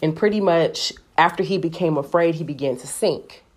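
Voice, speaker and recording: A woman giving casual devotional Bible teaching in a chatty, animated way, often using "like". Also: low-pitched, moderate pace. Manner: chatty, animated, heavy use of "like".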